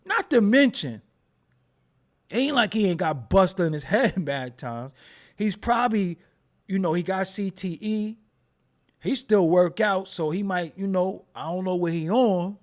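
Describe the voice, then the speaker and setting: A man's voice: high voice, animated, measured pace. A man hosting a casual commentary show, joking and riffing in slangy with frequent laughs. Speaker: host.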